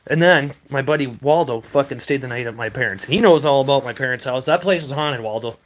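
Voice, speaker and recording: Man, young adult, casual vlog storytelling, rambling, fillers, swearing, average pitch. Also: fairly quick. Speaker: paranormal video creator.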